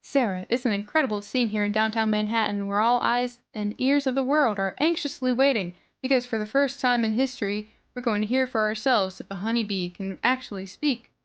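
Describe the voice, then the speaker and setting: A woman reading aloud as a brisk woman TV news reporter, in a plain script-reading manner. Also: on the high side, dry recording, natural voice. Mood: earnest.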